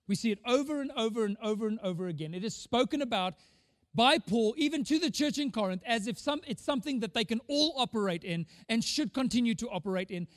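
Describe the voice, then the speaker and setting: A man preaches with a high voice, firing off rhetorical questions and repeating words for emphasis. His voice rings with the long reverb of a large hall, though the voice itself stays close and dry. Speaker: pastor. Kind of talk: sermon.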